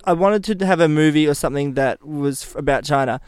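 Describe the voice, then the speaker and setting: A man chatting casually on a band's commentary track, telling stories quickly and swearing freely, recorded in a shed. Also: fairly high pitch, a little mellow, clean tone, no room sound, clean studio sound. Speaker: band member on commentary track. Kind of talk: casual chat. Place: backyard shed.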